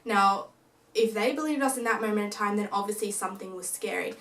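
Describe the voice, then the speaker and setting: A woman's voice: medium pitch, fairly quick, far from the mic. Young woman telling a ghost story in an echoey room. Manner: animated retelling that acts out quoted family lines. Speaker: vlogger. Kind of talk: casual storytelling of a paranormal experience. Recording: echoey room, voice away from the mic.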